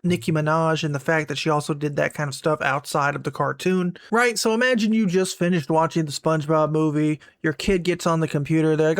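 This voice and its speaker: Man, young adult, sarcastic rant, high voice, dry close mic. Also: fairly even intonation, brisk, hardly any pauses, dry recording. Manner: sarcastic, mocking. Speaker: commentary YouTuber. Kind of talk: ranting commentary.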